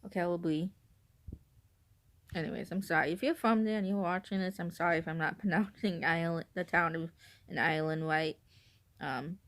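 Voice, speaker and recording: A woman from northern Illinois talking casually to camera in a vlog. She rambles, keeps correcting herself, giggles often and admits to being nervous on camera. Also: lowish voice. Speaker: vlogger.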